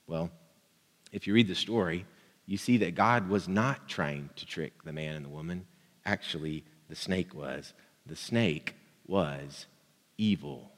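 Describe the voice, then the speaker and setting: A male pastor preaching in a relaxed, chatty way and joking with the congregation. His voice sits a bit low and carries a long reverb, as if it fills a large hall. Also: unhurried. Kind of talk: sermon.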